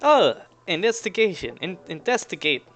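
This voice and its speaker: A man voicing a friendly foreign oil worker who speaks slow, broken English in a tabletop game. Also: high voice, sing-song, fairly bright tone, soft background music, voice pushed up. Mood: eager. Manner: halting broken English with pauses. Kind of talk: game master voicing a character.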